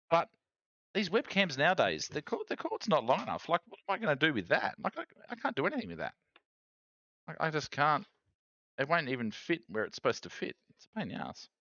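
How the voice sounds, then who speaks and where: Australian male streamer host, casual chatty delivery, very animated pitch, dry dull mic. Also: dry recording. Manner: chatty, reads chat aloud, animated rants. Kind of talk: casual live-stream chat.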